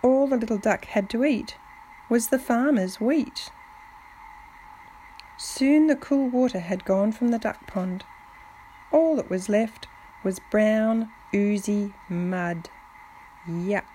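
Aussie woman reading a kids book real slow, gentle, drops to whispers sometimes. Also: fairly high pitch, slight background noise, low-quality recording. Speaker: family storyteller. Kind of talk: reading a children's story aloud.

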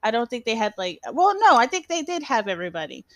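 A woman's voice: a little high, very animated, fast talker, a bit bright, no room sound. Giggly rambling young woman, dry close sound. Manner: rambling, giggly, many fillers and restarts. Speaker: podcast host. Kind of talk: casual solo podcast chat.

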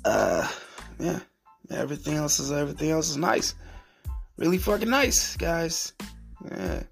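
A man's voice: fairly high pitch, very animated, a little slow, gravelly, soft background music. A man hosting a solo podcast, ranting in a profane, rambling way and repeating himself. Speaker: podcast host.

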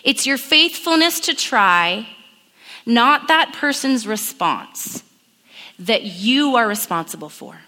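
Bright-voiced woman preaching in a hall. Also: on the high side, lively intonation. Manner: acts out inner voices in quick murmured asides. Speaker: camp speaker. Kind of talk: sermon. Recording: long echo of a hall.

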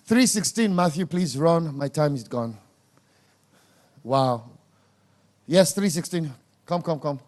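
High-voiced emphatic preacher man. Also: expressive, slow pace, long pauses, darkish tone. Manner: emphatic, scolding, repeats words for stress. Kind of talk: sermon.

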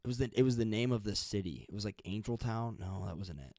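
A man's voice: fairly low pitch, animated, fast, gravelly, darkish tone, no room sound, studio quality. A young man hosting a podcast, chatting casually and rambling with lots of fillers and restarts. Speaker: podcast host. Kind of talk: casual chat.

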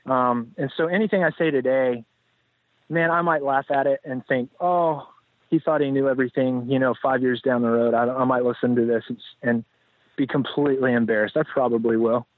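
A man's voice: medium pitch, fairly even intonation, a little fast, dry recording. A man talking as a podcast guest, reflective and rambling with many fillers and restarts. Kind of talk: casual interview talk. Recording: tinny phone-like line, dry.

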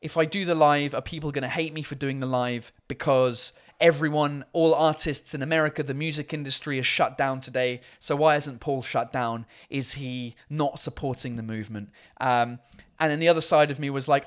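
A man's voice: medium pitch, brisk. A man hosting a casual live-stream chat show from home, talking in a rambling, loose way and swearing freely. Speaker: host of a live beer-drinking chat show.

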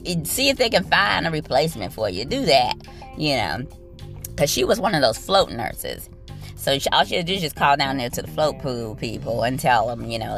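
Gravelly-voiced woman ranting about work. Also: low-pitched. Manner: blunt, profane and exasperated. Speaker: nurse telling a work story. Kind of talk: casual storytelling rant.

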